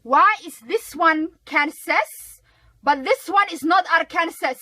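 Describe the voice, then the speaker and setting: Guy doing a super high shrill outraged dude, bright and dry, yelling questions. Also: slow pace, no echo, heavily acted. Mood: indignant. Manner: indignant, shouting questions.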